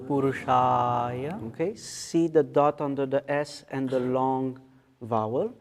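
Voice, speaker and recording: A man teaching in a meditation hall, patiently explaining how to pronounce a mantra step by step and chanting its words slowly. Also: mid-range voice, fairly even intonation. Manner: patient, explains step by step, often checks in with "okay?". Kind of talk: guided mantra pronunciation lesson.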